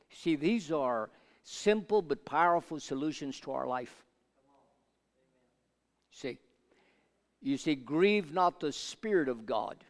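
An older man preaching a sermon, moving from quiet Bible teaching to loud call-and-response with the congregation. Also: medium pitch. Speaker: pastor. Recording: long hall reverb.

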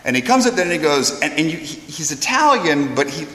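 A young man, a priest, giving a homily as an animated story, acting out the voices of the people in it. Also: fairly high pitch, brisk. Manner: animated storyteller who acts out quoted voices. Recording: roomy hall echo.

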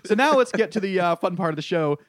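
Lively, joking man hosting a podcast. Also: high-pitched, fast, dry recording, studio quality. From rural New England. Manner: joking, laughs often, self-mocking. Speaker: podcast host. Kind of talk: casual comedic chat.

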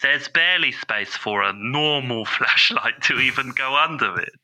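A man's voice: medium pitch, expressive, moderate pace, few pauses, sharp tone, poor audio. A man playfully narrating a comic search in an improvised game, with mock-grand asides and chuckles at his own jokes. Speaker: comedy podcast player.

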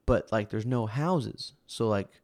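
A man quoting a secretive old man who gives slow, drawn-out directions. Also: lowish voice, darkish tone, dry recording, studio quality. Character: secretive old man giving fishing tips.

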